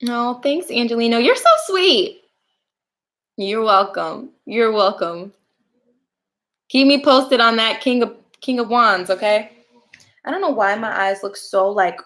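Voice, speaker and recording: A woman's voice: a little high, fairly bright tone. Woman doing a live tarot reading, chatty, laughs a lot. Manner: chatty, laughs often, talks to viewers. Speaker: tarot reader.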